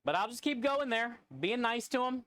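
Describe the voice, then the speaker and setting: A man's voice: very high-pitched, normal speed, a bit bright. A man, a food truck cook, chatting casually with viewers on a live stream and joking around.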